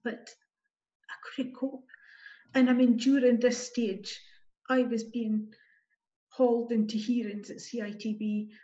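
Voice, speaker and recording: A woman guest giving candid spoken testimony, emotional and halting, with wry asides. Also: fairly high pitch, level tone, dark tone. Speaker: guest telling her story. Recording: dull lo-fi recording.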